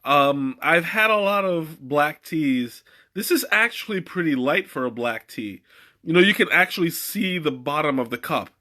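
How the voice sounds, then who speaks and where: Young male stream host, slightly high voice, enthusiastic and rambling, lots of restarts. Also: normal speed. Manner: rambling, many restarts and fillers; excitable, laughs often. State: has the hiccups. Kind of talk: casual live-stream chat.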